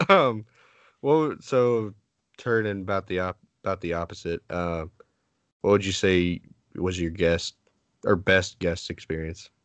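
Male podcast host, low-pitched, relaxed interviewer who laughs along, dry close recording. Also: takes it slowly, pauses often, no room sound. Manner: easygoing, asks questions, laughs along. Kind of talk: casual interview chat.

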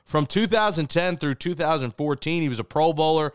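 A man's voice: a little high, brisk, clean tone, no echo, clean studio sound. A man hosting a sports podcast, steering the talk with wry jokes. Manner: wry, joking. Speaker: podcast host.

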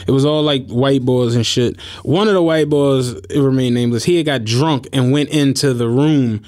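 A man's voice: mid-range voice, normal speed. A young man, a podcast co-host, telling stories in a loose casual chat, acting out what people said and laughing often. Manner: animated, acts out quotes, laughs often.

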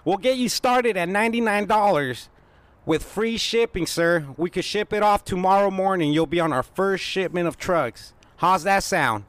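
A man's voice: normal speed, fairly bright tone, clear, resonant tone, no echo. A man putting on a chirpy pushy telemarketer. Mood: salesy. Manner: chirpy scripted sales pitch, persistent. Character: pushy upbeat male phone salesman.

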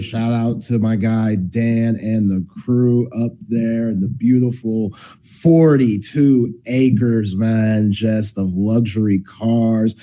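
Mellow middle-aged man, easygoing sports talk. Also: lowish voice, slow. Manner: relaxed, chatty, reads ad copy loosely. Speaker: co-host.

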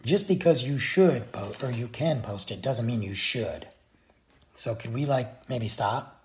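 A man's voice: medium pitch, expressive, unhurried. A man giving a blunt, exasperated opinion rant straight to his viewers. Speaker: vlogger. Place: Texas.

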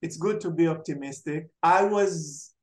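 An Israeli memoir author, speaking in a mid-range voice at an unhurried pace, tells family stories while answering interview questions. She is an animated storyteller who acts out the relatives she quotes, and the recording is reverberant.

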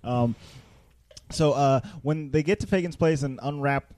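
A man's voice: fairly high pitch, unhurried, crowd noise. A man casually recapping a movie with friends on a podcast, rambling and laughing often. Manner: rambling, laughs often, slips into silly character voices. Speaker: podcast host. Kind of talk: casual chat, recapping a film.

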